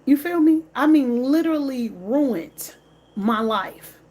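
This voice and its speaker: A woman's voice: high-pitched, expressive, takes it slowly, darkish tone. A woman, vlogging in an emphatic, repetitive, slangy rant straight to camera. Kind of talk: casual direct-to-camera rant.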